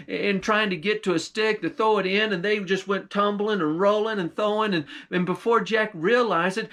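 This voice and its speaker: Guy drawling out an old folktale, folksy, high voice. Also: bright, forceful tone. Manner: drawling, folksy, repeats "why". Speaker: storyteller. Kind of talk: folksy storytelling with a moral.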